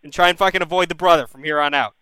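A man's voice: a little high, rapid-fire, bright, forceful tone, smooth, no room sound, low-quality recording. A man hosting a call-in advice show, giving blunt, profane, bro-style advice to callers. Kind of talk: casual live-stream call-in advice.

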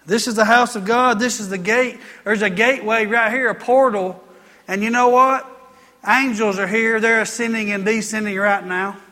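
Male pastor, emphatic repetitive sermon delivery, high voice, echoing sanctuary. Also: steady tone, moderate pace, sharp tone. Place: church sanctuary.

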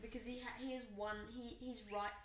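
A woman's voice: on the high side, level tone, fairly quick, fairly bright tone. Rambling woman in an echoey room. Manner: rambling storytelling with many fillers. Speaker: podcast co-host. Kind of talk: casual chat. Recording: roomy echo with faint noise.

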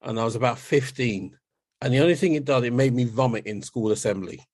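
A middle-aged man speaks as a podcast guest, recorded dry and close. He tells his story steadily, often pausing to check in with "right?". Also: mid-range voice, a little mellow, no echo. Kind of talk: conversational storytelling.

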